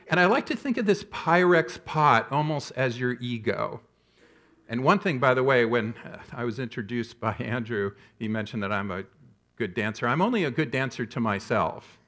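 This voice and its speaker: A man in his fifties delivers a conference keynote as a public health professor. He tells stories with animated energy and self-deprecating humor. His voice sits in a middling register. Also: medium pitch, moderate pace.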